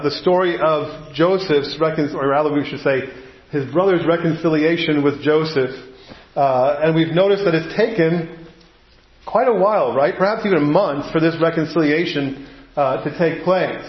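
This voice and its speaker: A middle-aged male pastor preaching with a slightly higher-pitched voice, chatty and anecdotal, often breaking off into asides. The sound is roomy and a bit dull, as if picked up in a large sanctuary. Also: moderate pace. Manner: conversational, anecdotal, self-interrupting with asides. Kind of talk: sermon.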